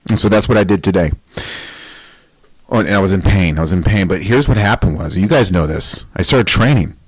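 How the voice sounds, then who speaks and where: A man with a low-pitched voice hosting a weightlifting podcast. He talks in a blunt, emphatic monologue, heavy on rhetorical questions and casual swearing. The recording is dry and close. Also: a little fast, slightly rough, no room sound, low-quality recording.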